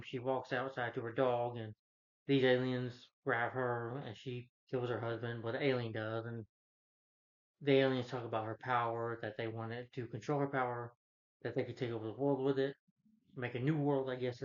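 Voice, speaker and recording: Male film reviewer, casual rambling rant, fillers and exasperation, average pitch, muffled lo-fi sound. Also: level tone, moderate pace. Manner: rambling, full of "you know" fillers, exasperated.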